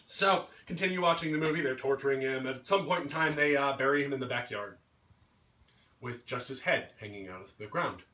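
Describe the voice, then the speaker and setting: A man's voice: mid-range voice, fairly quick, pushed and bright. A man giving an angry, swearing rant about a movie, mocking characters in put-on voices. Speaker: vlogger. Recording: roomy echo, mic at a distance.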